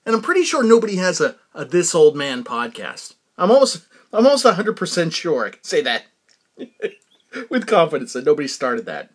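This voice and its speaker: A man's voice: a little high, sing-song, moderate pace. A man hosting a podcast in a rambling, casual comic monologue who laughs often at his own stories. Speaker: podcast host.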